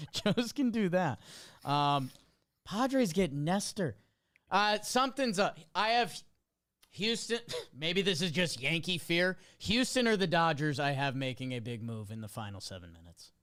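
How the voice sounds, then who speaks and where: A man's voice: a little high, animated, measured pace, fairly bright tone, smooth, dry recording, clean studio sound. A man hosting a live sports talk show, riffing energetically and playfully on breaking news. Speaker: host.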